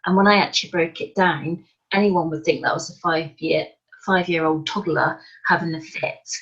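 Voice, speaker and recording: Woman, podcast guest, low voice, earnest storyteller, lo-fi remote audio. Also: fairly even intonation, moderate pace, fairly bright tone, slightly rough. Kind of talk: casual interview chat. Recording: dull lo-fi remote call audio.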